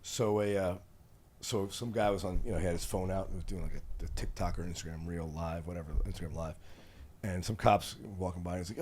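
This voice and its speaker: A man's voice: low-pitched, steady tone, fairly quick, darkish tone, slight background noise. A man hosting a podcast in casual, crude chat, swearing often. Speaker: podcast host.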